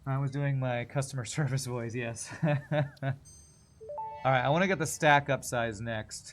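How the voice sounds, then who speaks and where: A young adult man streaming a game, chatting casually and thinking out loud as he plays. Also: mid-range voice, steady tone, faint music behind. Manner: chatty, thinks aloud, quick laughs. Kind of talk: casual gameplay commentary.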